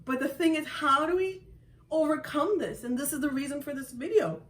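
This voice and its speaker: A woman's voice: high voice, a little fast, recorded from a distance, a little hiss or hum, low-quality recording. A woman author hosting a motivational live video from her home, talking earnestly and openly about her own feelings, with frequent laughs. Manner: earnest, self-disclosing, laughs often. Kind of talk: motivational live-stream talk.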